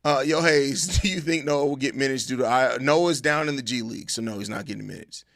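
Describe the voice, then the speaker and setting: A man's voice: mid-range voice, fairly quick, vocal fry, no room sound, clean studio sound. A man hosting a casual live stream, reading viewer chat aloud and answering it, often with mock outrage and swearing. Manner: animated, mock outrage, swearing, repeated questions.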